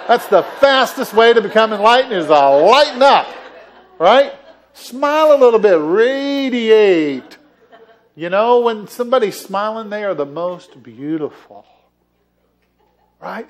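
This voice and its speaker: A church minister delivers a playful, jokey sermon in the sanctuary, often chuckling as he addresses the congregation. His voice is high-pitched and very animated, unhurried, with long pauses.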